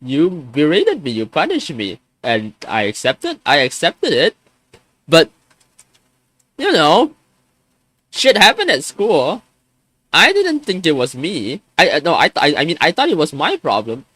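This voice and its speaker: Man, twenties, venting streamer, swinging pitch, dry close mic, stammers and swears. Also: huge pitch swings, a little slow, sharp tone, dry recording. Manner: frustrated, swearing, stammering restarts.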